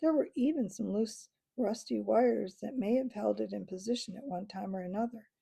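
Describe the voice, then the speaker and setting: A woman's voice: medium pitch, normal speed, creaky, warm tone, slightly rough. A woman voicing a plucky mother squirrel who speaks in a breathless, candid way in a storybook reading. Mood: weary.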